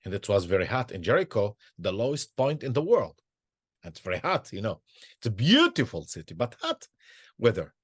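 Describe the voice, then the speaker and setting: Older halting man, husky. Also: lowish voice, huge pitch swings, no room sound, clean studio sound. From Israel. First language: Arabic. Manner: halting, with many repeated words and restarts. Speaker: Sufi sheikh and peacemaker. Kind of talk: personal storytelling talk.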